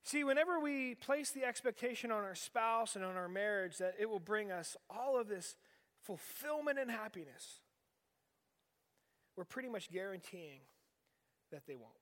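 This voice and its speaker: High-voiced pastor in a reverberant hall. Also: male voice, a bit bright. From western Pennsylvania. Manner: conversational, asks the audience rhetorical questions. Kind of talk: sermon. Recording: long reverb of a large hall.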